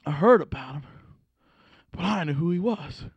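Preacher playing a confused official asking questions, soft and searching, dry close sound. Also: male voice, fairly high pitch, expressive, moderate pace, slightly rough, dry recording, muffled recording. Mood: puzzled. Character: puzzled male Ethiopian court official.

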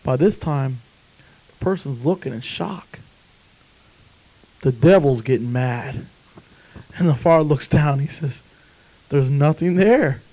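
A man's voice: mid-range voice, measured pace, long pauses, mellow, poor audio. A man preaching a sermon, telling a story and then fervently urging listeners to come to faith. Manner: storytelling, then fervent pleading altar call.

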